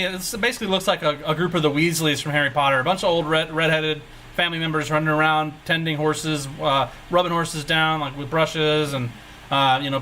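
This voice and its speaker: Bright, laid-back male game master. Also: fairly high pitch, a little hiss or hum, low-quality recording. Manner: rambling, laid-back, self-mocking. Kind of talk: narrating a tabletop game.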